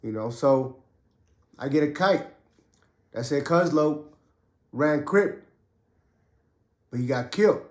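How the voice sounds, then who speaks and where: A man's voice: on the high side, animated, slow pace, pauses often. Man telling a prison story, echoey room. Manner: street slang, loose and conversational. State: coughing, getting over a cough. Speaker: podcast host and ex-prisoner. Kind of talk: casual storytelling.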